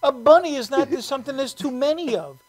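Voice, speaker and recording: A woman host, telling animated, excitable stories in casual comedic chat. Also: high voice, fast, poor audio. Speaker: show host.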